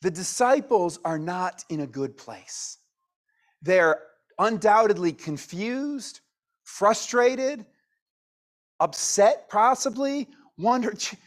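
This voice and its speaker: A pastor giving a sermon in a conversational way, dropping to a hush on key lines. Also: male voice, sits high.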